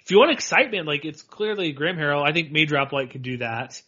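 A man co-hosting a podcast, talking sports in a rambling, animated way and laughing often. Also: a little high, fast. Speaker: podcast co-host. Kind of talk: casual sports chat. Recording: dull lo-fi audio.

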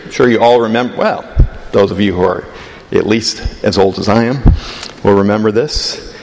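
A man's voice: fairly low pitch, moderate pace, a little mellow, a little hiss or hum. A man in his fifties giving a conversational sermon as a priest, rising with emphasis on key phrases. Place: church. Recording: long church reverb.

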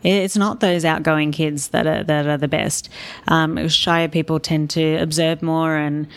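A woman's voice: low-pitched, fairly even intonation, a little slow. An Australian woman speaking as an interview guest, telling stories candidly and with animation. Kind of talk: casual interview talk.

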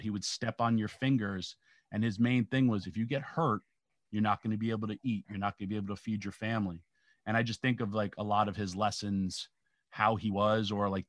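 A middle-aged man from New York with a fairly low voice tells long, rambling stories about his start in wrestling, slipping into the voices of the people he quotes. The sound is dry and close, with no room around it. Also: fairly bright tone, dry recording. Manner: rambling anecdotal, acts out quotes. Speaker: guest, former pro wrestler. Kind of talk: casual storytelling interview.

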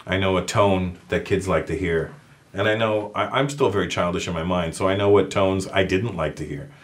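A man from Canada with a lowish voice, chatting as a guest comedian. He tells stories loosely and jumps up into bigger voices when he quotes himself. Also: moderate pace. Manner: animated, acts out his own quotes in raised voices. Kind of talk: casual chat, storytelling.

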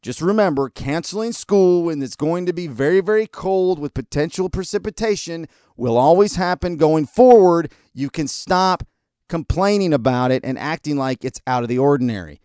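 An American man hosting a podcast, ranting sarcastically and scolding his listeners, at times in a mock calm, soothing voice. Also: fairly high pitch, moderate pace, clean tone, no echo, clean studio sound. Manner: sarcastic, scolding and exasperated, hurling insults; mock calm and soothing delivery that breaks into outbursts. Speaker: podcast host. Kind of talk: ranting opinion segment.

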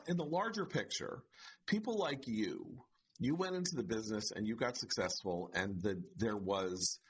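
A man's voice: mid-range voice, breathy edge. A man co-hosting a casual conversation, building his points step by step.

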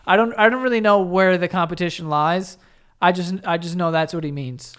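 A man's voice: high voice, brisk, fairly bright tone, clear, resonant tone. A man co-hosting a podcast in casual chat, teasing his partner and often stammering over his words. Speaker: podcast co-host.

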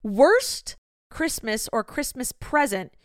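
Quick joking young woman podcaster. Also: sits high, very animated, dry recording, clean studio sound. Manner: quick, joking, reacts with laughter. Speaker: podcast co-host. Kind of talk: casual chat.

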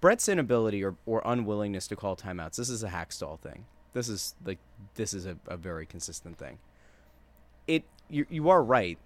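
A man co-hosting a sports podcast who rambles in a self-deprecating way and trails off low. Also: big pitch swings, fairly quick. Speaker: podcast co-host. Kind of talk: casual sports podcast chat.

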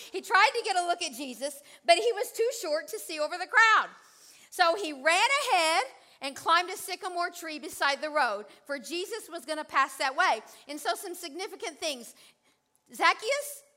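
A woman pastor, preaching a lively, playful sermon and calling on the congregation to repeat after her. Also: sits high.

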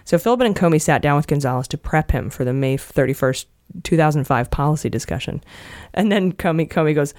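A woman's voice: sits low, lively intonation, fairly quick, hardly any pauses, darkish tone, no echo. Woman podcast host, earnest storyteller, dry close mic. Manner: earnest storyteller, emotional at times. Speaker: podcast host recounting a book. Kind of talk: casual podcast chat, reading passages aloud.

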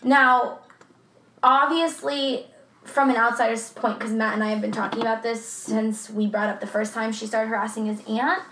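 Woman true crime co-host, higher voice, loose and profane, roomy sound. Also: level tone, moderate pace, fairly bright tone, a little hiss or hum. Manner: casual, laughing, swears freely. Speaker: podcast co-host. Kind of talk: true crime podcast chat.

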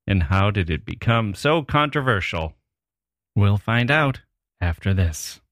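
A man's voice: fairly low pitch, animated, measured pace, a bit bright, dry recording. A man hosting a podcast, riffing in a wry, self-mocking comic monologue. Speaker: podcast host.

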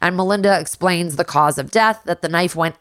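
Woman podcast host, casual episode recap, lowish voice, chatty and profane, dry close mic. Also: fairly quick, a bit bright, dry recording. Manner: chatty, profane, laughs easily.

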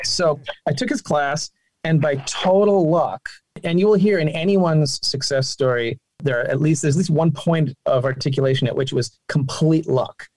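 A man telling his career story as an interview guest, animated and chatty, his voice jumping up when he quotes people. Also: moderate pace, no echo. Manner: animated, with sudden pitch jumps. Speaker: guest, game sound designer and singer.

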